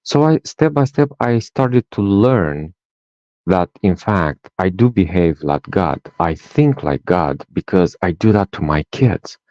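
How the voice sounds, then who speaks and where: A deep-voiced Romanian man, a native Romanian speaker, appears as a life coach guest on a podcast, telling personal stories at an unhurried pace. He's an animated storyteller who acts out dialogue and tags lines with "right?". The recording is dry and dull, with no room sound.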